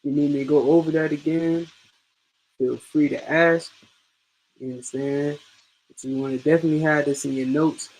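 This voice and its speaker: A man's voice: on the high side, fairly even intonation, normal speed, long pauses, darkish tone, poor audio. A man teaching an online class, patiently drilling each point and repeating it step by step.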